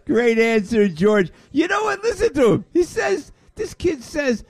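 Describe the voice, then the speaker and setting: A man hosting a lively radio show, effusive and often raising his voice. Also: very high-pitched, slow, dry recording. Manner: excitable, effusive, raises voice often.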